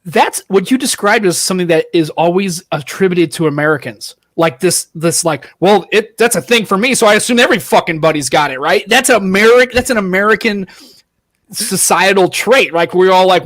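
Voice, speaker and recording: A man's voice: high-pitched, animated, brisk, a bit bright, no room sound, studio quality. A man co-hosting a podcast over a video call, telling stories animatedly and swearing freely. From St. Louis area, US. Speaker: podcast co-host. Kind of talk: casual chat.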